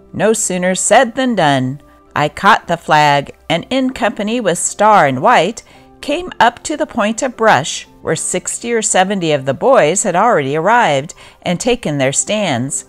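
A woman reading an old newspaper account aloud as scripted narration, in a steady read-aloud manner. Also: medium pitch. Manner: steady read-aloud of a first-person war memoir.

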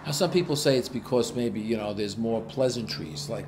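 A man's voice: medium pitch, moderate pace. Jersey guy with a thick north jersey accent, blunt storytelling, bit of street noise behind. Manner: blunt, matter-of-fact, animated anecdotes. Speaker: vlogger. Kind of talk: casual storytelling monologue.

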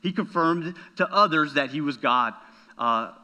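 Bright-voiced male pastor preaching. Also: a little high, expressive, unhurried. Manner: emphatic, asks the audience "right?", repeats words. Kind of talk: sermon.

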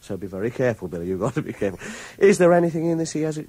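A man's voice: medium pitch, big pitch swings, racing, dark tone, slightly rough. A man on a radio show, reading out reviews with gleeful mockery and frequent chuckles. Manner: gleeful, mocking, chuckles often. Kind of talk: chatty radio talk, reading reviews aloud. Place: radio studio.

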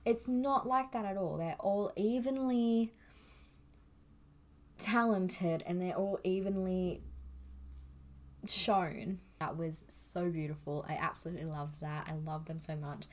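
A young woman reacting to a music video in a casual vlog, gushing and excitable, often repeating herself and swearing casually. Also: fairly low pitch, unhurried.

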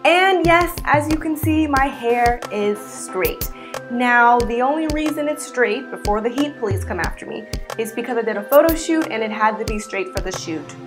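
A bubbly young woman vlogger chatting straight to camera, her voice sitting a little high and swinging up and down as she talks. Soft music plays faintly underneath. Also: moderate pace. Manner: bubbly and expressive, swinging pitch. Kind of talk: casual talk to camera.

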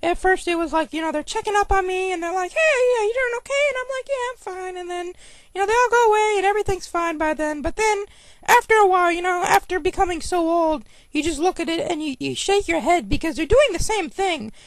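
Sonic, as a woman plays him, very high. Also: a little fast, dry recording, poor audio. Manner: rambling, full of "you know" and restarts. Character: young male hedgehog, whiny, easily annoyed.

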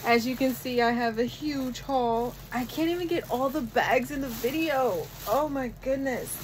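A woman vlogging a shopping haul from home in casual chat, gushing and excitable over each item. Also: high-pitched, moderate pace, a little hiss or hum, low-quality recording. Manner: gushing, excitable, repeats "oh my goodness".

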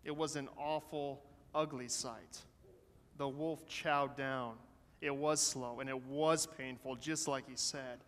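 A man pastor telling a story during a sermon in an animated way, voicing the characters as he goes. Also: mid-range voice, slow. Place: church sanctuary. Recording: long church hall reverb.

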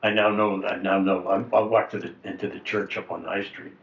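Low-voiced man with dry jokes. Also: fairly even intonation, brisk, a bit bright. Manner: dry joking, rambling. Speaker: committee member. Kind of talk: meeting discussion. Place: meeting room. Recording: roomy, dull lo-fi meeting audio.

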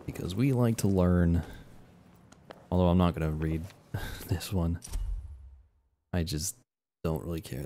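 A man reading in-game text aloud during a playthrough, calm and measured, with casual offhand asides. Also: sits low, dry recording. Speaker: gaming video creator.

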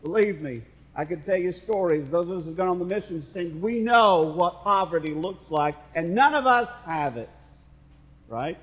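A man's voice: sits high, expressive, moderate pace, fairly bright tone, long reverb tail, poor audio. A male pastor preaching a sermon, with playful asides to the congregation. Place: church sanctuary.

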